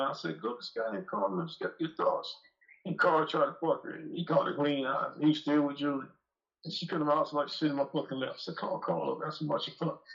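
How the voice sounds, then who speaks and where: A man's voice: a little high, creaky, a bit bright, muffled recording. A man telling a long, profane, rambling story on a live call-in show. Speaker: guest dog breeder.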